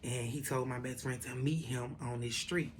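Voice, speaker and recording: A woman telling a story in a casual vlog, animated and profane, with lots of asides to the viewers. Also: rumbling low, moderate pace, slight background noise. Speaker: vlogger.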